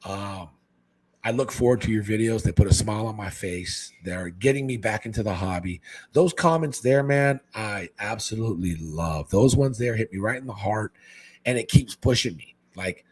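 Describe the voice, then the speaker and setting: A man from Hawaii, a guest on a casual podcast chat, talking excitably and saying "man" constantly. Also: normal speed, breathy edge. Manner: excitable, says "man" constantly, jumps into high animated quoted voices. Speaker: guest, fish-keeping content creator.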